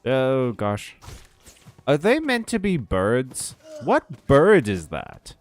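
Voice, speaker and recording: A man's voice: mid-range voice, huge pitch swings, slow pace. Joking, swearing male game streamer. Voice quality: joking, swears casually, talks to chat. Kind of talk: casual gameplay commentary.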